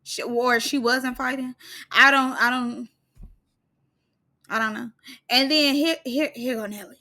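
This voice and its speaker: A young woman giving a sassy, slang-heavy recap of a reality show, now and then breaking into loud outbursts. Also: high-pitched, slow pace, long pauses. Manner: animated, sassy, slangy, bursts into shouts.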